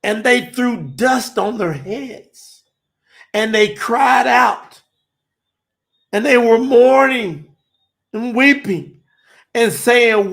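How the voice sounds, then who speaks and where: A man preaching fervently on a livestream, shouting scripture and then reading from his chat. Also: very high voice, slow pace, vocal fry, pauses often. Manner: shouts and drawls, reads chat aloud.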